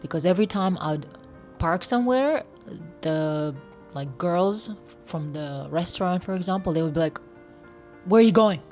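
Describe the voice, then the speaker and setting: Woman, travel vlogger, lowish voice, animated storytelling, soft music behind. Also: moderate pace. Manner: animated, acts out voices of people she met. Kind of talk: casual storytelling vlog.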